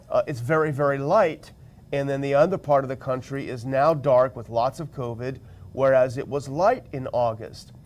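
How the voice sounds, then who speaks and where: A man's voice: medium pitch, a little mellow. A man hosting a talk show, giving wry commentary while reading out quotes and describing charts. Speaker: host. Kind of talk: commentary on news clips.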